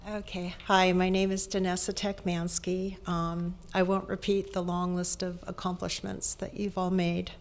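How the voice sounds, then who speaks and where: A woman's voice: fairly low pitch, little pitch movement, normal speed, hardly any pauses. A woman giving a public comment in a community hall, emotional and thankful.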